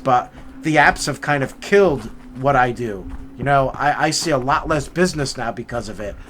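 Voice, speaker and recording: A man's voice: on the high side, slight background noise. Middle-aged man chatting on a forest hike. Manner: relaxed, rambling, with many restarts and amused asides. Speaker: vlog host. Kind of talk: casual storytelling while hiking. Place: outdoors on a forest trail. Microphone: camera mic, walking.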